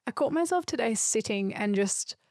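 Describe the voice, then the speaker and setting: A woman's voice: a little high, animated, normal speed, a little mellow, dry recording. Earnest woman podcaster, dry close sound. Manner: earnest, emphatic and spiritual, with a few loose swears. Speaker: podcast host. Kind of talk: reflective solo podcast monologue.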